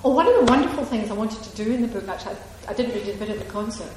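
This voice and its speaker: At a reading in an echoey hall with faint background noise, this Scottish author from Ayrshire fields audience questions, digressing chattily and laughing a lot. Her voice is on the high side, expressive and rapid-fire, with a somewhat dark tone.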